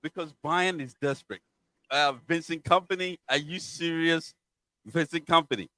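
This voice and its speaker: A man's voice: on the high side, moderate pace, bright, forceful tone, no room sound, rough recording. A man co-hosting a casual football chat, playfully announcing predictions with mock drama. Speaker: football podcast co-host.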